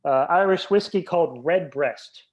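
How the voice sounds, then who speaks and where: A man's voice: fairly high pitch, normal speed. A man guesting on a podcast over a video call, telling self-deprecating stories. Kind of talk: casual chat, anecdotes.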